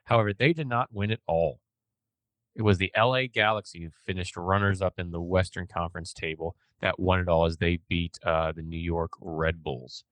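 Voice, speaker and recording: A man's voice: low-pitched, fairly even intonation, normal speed, a bit bright, no echo. A man hosting a podcast in casual chat, rambling a little with fillers as he talks. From United States. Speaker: podcast host.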